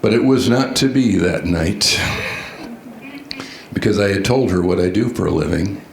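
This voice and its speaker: A man giving a storytelling keynote at a conference, animated and quizzing the audience with questions. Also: deep voice, moderate pace, gravelly, a crowd in the background. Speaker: conference speaker. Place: large conference hall. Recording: echoey hall sound.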